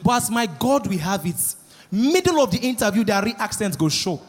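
Man, Nigerian accent, stand-up comedian, very high voice, acts out the people in his jokes. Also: moderate pace. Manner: lively storytelling, acts out voices of the people he mocks. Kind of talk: stand-up routine. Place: live stage.

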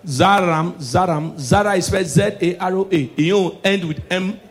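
A man with a Nigerian Pidgin English accent performing a stand-up comedy set, swinging between hushed preachy asides and shouted punchlines. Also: sits high, normal speed.

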